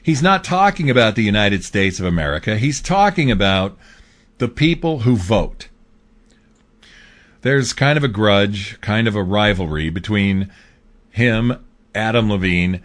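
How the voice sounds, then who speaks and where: A man's voice: lowish voice, a bit bright. A man hosting his own show, talking through a political commentary monologue in a casual, rambling way with fillers. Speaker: host.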